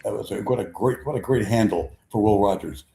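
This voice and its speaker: A man in his seventies hosts a sports talk show and rambles through a long anecdote, circling back over his own words. His voice sits a little low, and the room around him rings with echo. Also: a little fast, vocal fry. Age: 70s. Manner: rambling, repeats himself, animated impressions in stories. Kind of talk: conversational storytelling. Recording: echoey room.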